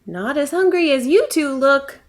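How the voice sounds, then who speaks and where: A woman's voice: high voice, animated, normal speed, voice pushed up. A woman voicing a friendly jackrabbit offering food in a picture book.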